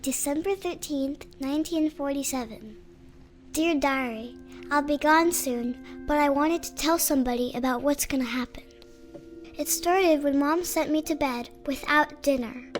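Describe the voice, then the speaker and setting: A woman voicing a hungry, curious young girl reading her diary aloud in a game, in a soft childlike voice. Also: high voice, measured pace. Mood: dreamy. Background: game music.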